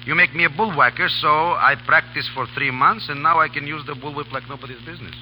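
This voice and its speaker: A man's voice: fairly high pitch, fast, sharp tone, a little hiss or hum, rough recording. A man joking and boasting in broken English during 1930s radio banter. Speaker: actor guest.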